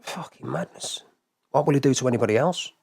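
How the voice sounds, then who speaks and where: Here a man's husky, gravelly voice of medium pitch and darkish tone moves at a brisk clip. Hosting a live stream, he launches into a casual, angry rant, cursing a lot, circling back over the same points, and talking directly to chat.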